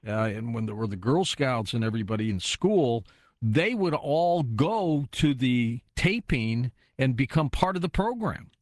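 A man hosts a late-night radio talk show, his pitch rising and falling with energy. He chats easily with his guests and steers toward calls and breaks. The sound is dry and close. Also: animated, a little slow, no echo.

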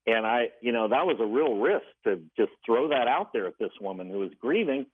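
A man phones in to a radio talk show and earnestly recounts a story, voicing the lines of each person as he goes. His voice is mid-pitched. It comes through a narrow, tinny telephone line. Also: expressive, brisk, slight background noise. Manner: earnest, retelling dialogue in quotes. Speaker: caller.

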